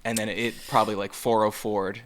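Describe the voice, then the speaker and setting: A man's voice: lowish voice, little pitch movement, fairly quick, a little hiss or hum. A middle-aged man co-hosting a podcast, chatting casually, joking at his own expense and laughing often. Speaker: podcast co-host. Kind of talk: casual chat.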